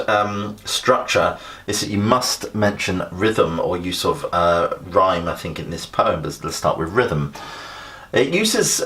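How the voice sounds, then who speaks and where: A man's voice: lowish voice, a bit bright. A middle-aged man teaching English literature in a conversational revision lesson, with frequent fillers and restarts.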